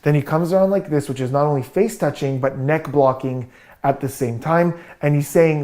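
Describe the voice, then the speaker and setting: Acting as a body language analyst, a man comments on a video clip, confidently explaining gestures in quick bursts. His voice is fairly high-pitched with a darkish tone.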